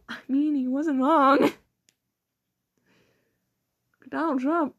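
A teenage girl's high, creaky voice drags out words with long pauses, though her tone stays steady. As a student vlogger, she chats rambling and giggly about school, quoting others in mocking voices.

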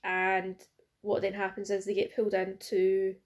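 A young woman co-hosts a podcast, chatting casually and teasing her partner. She talks in a loose, rambling way, full of "like" and "obviously", with her voice at an ordinary middle pitch. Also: monotone, moderate pace. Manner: chatty, teasing, laughs often. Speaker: podcast co-host. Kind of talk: casual chat.

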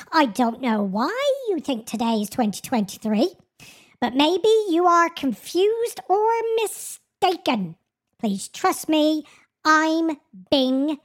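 A woman's voice: high voice, voice pushed up. Woman putting on a prim English chatbot voice. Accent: English, put on. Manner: stubbornly insistent, prim and condescending. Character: prim, sassy English-accented AI chatbot, female.

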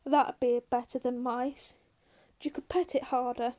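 A gruff, weary ranch hand scolds and grumbles, as a woman reads him aloud. The voice is high and mellow. It is a plain audiobook reading. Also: level tone, unhurried.

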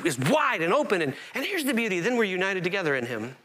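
Male pastor, sermon delivery, lively, frequent restarts, higher-pitched voice. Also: fast talker, few pauses. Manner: animated, rising to emphatic peaks, with self-interrupting restarts.

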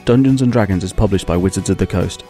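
Man, podcast host, scripted outro, plain even read, low pitch, warm tone. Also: fast, soft background music.

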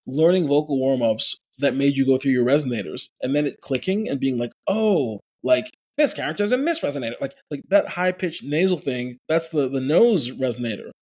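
A man, a voice actor, talking as a guest in a conversational interview, explaining with lively, demonstrative energy. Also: medium pitch, fairly quick, hardly any pauses.

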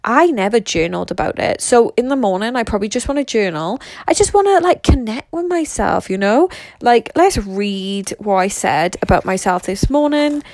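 A woman's voice: mid-range voice, dry recording. A young woman, talking casually and rambling in a solo monologue as a social media creator, swearing freely. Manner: rambling, swears freely, lots of "like" and "you know".

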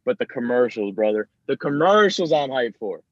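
A man's voice: medium pitch, very animated, normal speed, no room sound. A man co-hosting a podcast while sick, his voice stuffy, joking around in casual chat. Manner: jokey, wry. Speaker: podcast co-host. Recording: dull, dry mic.

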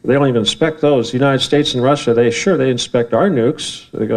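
A man's voice: medium pitch, fairly quick, few pauses, rough recording. A man giving a rambling, heated talk to a live audience in an event room, often swearing and bantering with the crowd.

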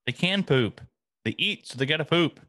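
A man's voice: a little high, expressive, moderate pace, pushed and bright. A man co-hosting a podcast, chatting casually and tossing in wry, dry quips. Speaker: podcast co-host. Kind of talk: casual chat.

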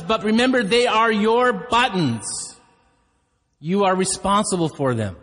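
A man's voice: extremely high pitch, expressive, moderate pace, a bit bright. A middle-aged man preaching a sermon as pastor, telling stories in a candid, self-deprecating way. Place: church hall. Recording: hall reverb.

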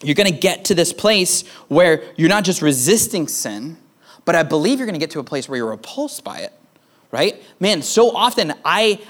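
A young man preaching a conversational sermon as pastor, casual and relaxed, often tagging his points with "right?" and "man.". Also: a little high.

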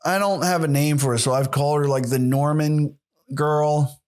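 Young male podcaster, solo monologue, slightly high voice, sarcastic and profane. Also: fairly even intonation, normal speed, darkish tone. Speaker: podcast host.

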